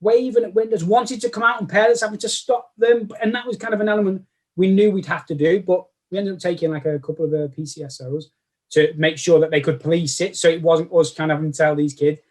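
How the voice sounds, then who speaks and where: A man with a Manchester accent, chatting as an interview guest. His voice sits a little high for a man. He talks in a loose, rambling way and keeps restarting his sentences. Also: fairly even intonation, fast, darkish tone. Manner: rambling, lots of restarts and self-corrections. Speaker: guest cosplayer. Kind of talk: casual interview chat.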